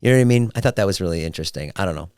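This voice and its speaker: A man in his forties hosting a solo podcast, talking casually and jokily, often jumping into a high, excited voice. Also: rapid-fire, smooth, no echo, clean studio sound. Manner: animated, jokey, swings into high excited pitch. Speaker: podcast host.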